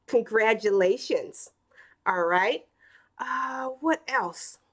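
A woman's voice: a little high, drawn-out words, fairly bright tone. A woman in her thirties hosting a live stream in a casual, chatty way, reading comments and telling stories with acted quotes. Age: 30s.

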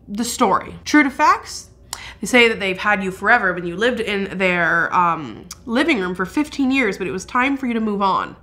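A woman hosts a paranormal vlog in a casual, earnest chat aimed at a haunted doll. Her voice is bright and sharp, with a middle pitch. She gets excitable and rattles off words in quick bursts. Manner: chatty, earnest and excitable, talks fast in bursts.

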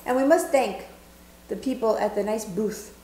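A woman's voice: fairly high pitch, moderate pace, very noisy. Talkative woman host in an echoey room. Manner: talkative, leads the review. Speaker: co-host of a board game review show. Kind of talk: casual chat.

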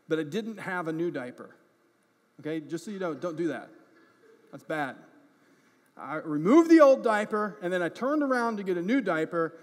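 High-voiced pastor in a reverberant hall. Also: male voice. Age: adult parent. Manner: conversational, often checking in with "right?" and "okay?"; self-deprecating, grows animated in funny moments. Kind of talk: sermon with personal storytelling. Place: church sanctuary.

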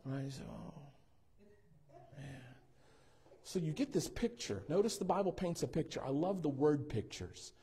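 A man's voice: on the high side, expressive, normal speed, hardly any pauses, dark tone, slightly rough. A male pastor preaching a sermon in a church, teasing and checking in with the congregation. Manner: playful, teasing asides, asks congregation for responses. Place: church sanctuary.

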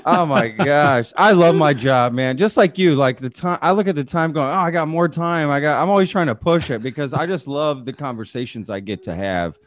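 Enthusiastic male host, very lively melody, dry close sound. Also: a little high, dry recording. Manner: enthusiastic, quick to laugh. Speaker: interview host. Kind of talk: casual interview chat.

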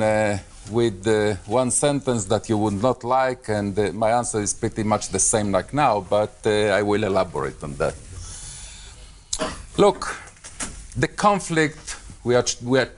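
A man speaking English with a Spanish accent as a debate panelist, pausing often with fillers and repeated words. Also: mid-range voice, slight background noise. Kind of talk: public debate talk.

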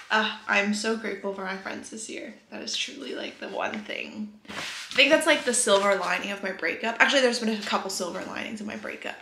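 A woman in her twenties chatting casually in a vlog, gushing and soft-spoken, sometimes dropping to a whisper. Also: mid-range voice, normal speed, creaky. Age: 20s. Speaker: vlogger. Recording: echoey room with faint noise.

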